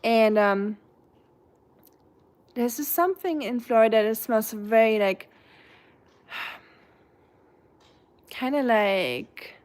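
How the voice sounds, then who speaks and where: A woman's voice: fairly high pitch, very slow, pauses often, a little mellow. A young woman with a German accent, chatting casually on a live stream and answering viewers' comments, rambling with many fillers and restarts. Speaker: live streamer reading chat.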